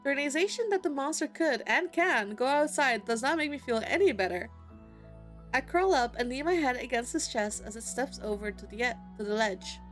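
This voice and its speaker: A woman streamer reading a dating-sim story aloud in an expressive, giggly way, breaking into excited squeals between lines. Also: high voice, moderate pace, faint music behind. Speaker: gaming streamer. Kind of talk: reading a visual novel aloud.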